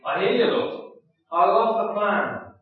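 A reluctant prophet begs to be let off, his voice wheedling and full of excuses, as a preacher puts him on. The voice sits a little high. It echoes heavily around a big room and sounds dull. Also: slow, distant mic. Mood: pleading. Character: reluctant pleading male prophet Moses.

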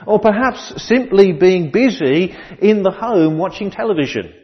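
A middle-aged man preaching a sermon, measured and dryly humorous, often restarting his phrases. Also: sits high, lively intonation, long reverb tail, dull audio. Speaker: pastor.

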